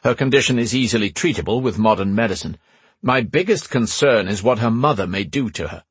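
A man voicing a calm, matter-of-fact male artificial intelligence who talks in a measured, analytical way. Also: lowish voice, breathy edge, dry recording.

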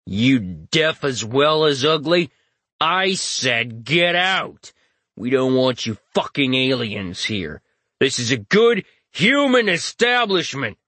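A man's voice: medium pitch, big pitch swings, slow pace, no room sound, heavily acted. A man putting on a snarling drunk bigot. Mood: hostile drunk. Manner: snarling, slurred shouting. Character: drunk hateful male human hunter, bigoted.

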